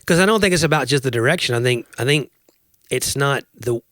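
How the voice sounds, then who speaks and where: A man's voice: medium pitch, animated, a little fast, fairly bright tone, no echo, clean studio sound. A man co-hosting a podcast, talking in an earnest, reflective way and laughing easily. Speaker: podcast co-host. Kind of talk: casual chat.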